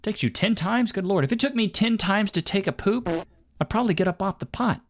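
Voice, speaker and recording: A woman's voice: medium pitch, fairly quick. A woman giving sarcastic, wisecracking reaction commentary on video clips.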